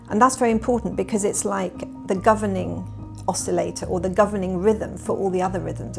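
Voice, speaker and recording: A woman professor speaks in a measured, explanatory way, her voice carrying a gravelly, creaky edge. She is at a middle pitch. Soft music plays faintly underneath. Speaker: professor of education research. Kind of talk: documentary interview.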